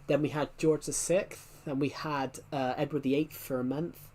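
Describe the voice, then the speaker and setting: A man's voice: fairly high pitch, fairly even intonation, normal speed, a little mellow, a little hiss or hum. A young man with a working-class southwest England accent, chatting casually on a live stream, rambling and repeating himself as he reads the chat aloud.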